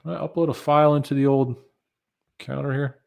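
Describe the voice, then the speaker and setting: A man's voice: medium pitch, little pitch movement, fairly quick, creaky, darkish tone. An American man presenting a live webinar, talking loosely and conversationally with many fillers as he answers viewer questions.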